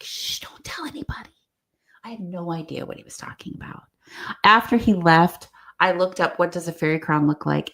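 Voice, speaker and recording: A middle-aged woman with a low, gravelly voice tells a story to a podcast host. She acts out the voices of the people she quotes with lively animation. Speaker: guest. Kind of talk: storytelling in conversation.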